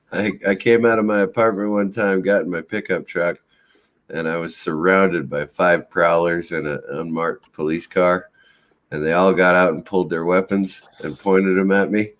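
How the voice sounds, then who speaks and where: A middle-aged man telling a story calmly in casual chat, laughing now and then. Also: low-pitched, normal speed. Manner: calm, laughs while telling his story.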